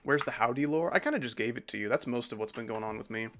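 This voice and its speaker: A man's voice: mid-range voice, fast, fairly bright tone, faint music behind. A man streaming a game, rambling casually as he comments on his play. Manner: rambling, chatty, swears casually. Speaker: gaming streamer.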